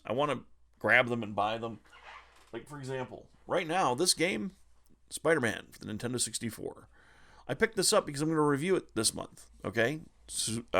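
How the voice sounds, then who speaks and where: A man's voice: medium pitch, vocal fry, a bit bright. A man hosting a retro gaming channel, ranting angrily with constant profanity. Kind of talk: ranting vlog.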